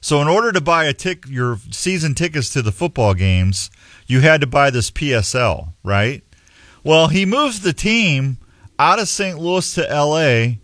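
A man's voice: a little high, fairly bright tone, dry recording, clean studio sound. A man hosting a radio show in casual chat, joking and opinionated.

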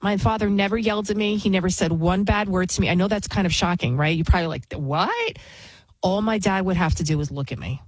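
A woman at a middle pitch with a dry, close sound talks casually and bluntly. She rambles, states her opinions flatly and keeps restarting sentences. She works as a TV news host. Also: fast talker, few pauses, no echo, rough recording. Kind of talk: casual spoken monologue.

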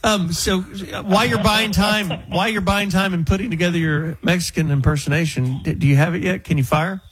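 A man's voice: sits high, steady tone, fairly quick, a bit bright, a little hiss or hum, poor audio. A male radio host, talking in chatty, teasing banter with callers.

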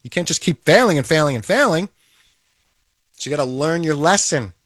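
A man's voice: a little high, expressive, a little fast, a bit bright, no room sound, studio quality. A man giving an emphatic, repetitive motivational talk about toughness and handling emotions. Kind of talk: motivational monologue.

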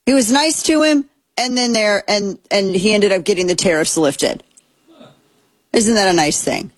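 A woman's voice: medium pitch, lively intonation, a little slow, dry recording. A woman hosting casual political commentary, talking in a rambling, opinionated way with frequent restarts.

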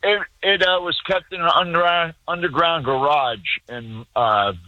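A man's voice: fairly high pitch, unhurried, dry recording. A man from Florida calling into a radio show, stubborn and stammering as he talks. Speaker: caller. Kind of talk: phone-in radio call. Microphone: phone. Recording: muffled phone line.

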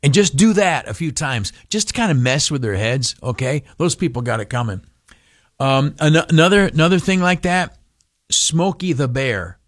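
A man's voice: fairly high pitch, very animated, moderate pace. Sarcastic rambling radio talk host, man. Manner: rambling, sarcastic, many fillers and restarts. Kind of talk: casual opinion monologue.

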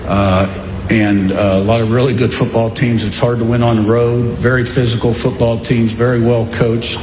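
A man's voice: medium pitch, level tone, background noise. Male coach speaking in an echoey hall. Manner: halting, with many fillers. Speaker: head football coach. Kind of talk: press conference remarks. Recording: roomy hall audio, played on air.

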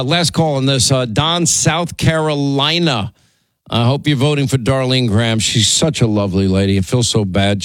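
A man's voice: mid-range voice, dry recording, low-quality recording. Brief: male radio host taking calls, chatty with many stammered restarts, dry close studio mic. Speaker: radio talk show host. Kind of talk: call-in radio talk and ad read.

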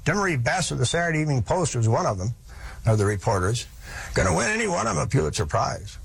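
Gravelly folksy male storyteller. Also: on the high side, very animated, quick pace. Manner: folksy, vivid storyteller with asides. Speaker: historian lecturer. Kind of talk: storytelling lecture.

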